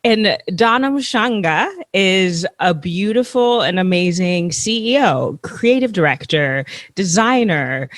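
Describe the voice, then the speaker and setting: A woman's voice: on the low side, dry recording, clean studio sound. A woman co-hosting a podcast in casual chat, gushing with praise. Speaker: podcast co-host.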